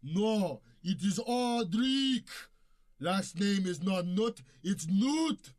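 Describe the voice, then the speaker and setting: A man playing a rude, pompous death metal singer in a sketch, with a contemptuous shouting manner. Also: sits high, expressive, takes it slowly, no room sound, studio quality. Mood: furious. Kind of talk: sketch comedy acting.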